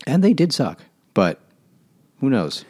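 A man's voice: medium pitch, huge pitch swings, slow, a little mellow, slightly rough. A man in casual book talk, rambling and sarcastic, mocking characters as he goes. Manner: rambling, sarcastic, mocks characters in silly voices.

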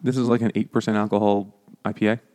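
A man's voice: on the low side, level tone, quick pace, a little mellow. A man co-hosting a podcast, making crude wisecracks in casual chat. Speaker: podcast co-host.

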